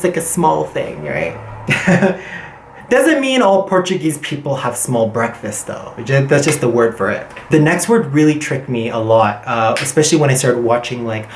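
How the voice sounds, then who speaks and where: A chatty, animated language teacher talks through a casual vocabulary lesson at a middling pitch. Portuguese words and phrases come up often, between fillers and self-corrections. The room gives the voice a noticeable echo. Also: slight background noise.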